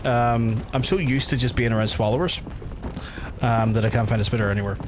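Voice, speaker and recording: A man with a Belfast accent rambles and jokes to his chat while he plays, cursing freely between asides. His voice sits at a middling pitch. Clear game noise with hoofbeats and gunfire runs under his talk. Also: fairly even intonation, a little fast. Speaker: game streamer. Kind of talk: casual gameplay commentary.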